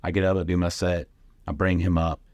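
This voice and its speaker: A man's voice: low-pitched, flat delivery, a little fast, darkish tone, no echo. A middle-aged man, a comedian, telling casual stories on a podcast and acting out the voices of other people in his quotes. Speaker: comedian guest.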